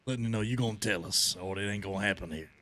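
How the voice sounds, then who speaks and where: A man in a western role-play, talking gruffly in a country drawl with rough grammar and lots of cursing. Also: lowish voice, racing, fairly bright tone, a little hiss or hum. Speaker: role-play player, town figure.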